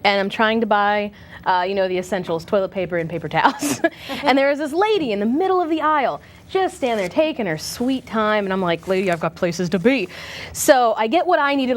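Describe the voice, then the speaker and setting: Fast-talking woman telling a story. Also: mid-range voice. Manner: animated, acts out the people she quotes. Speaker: co-host, teacher. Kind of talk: storytelling in studio chat.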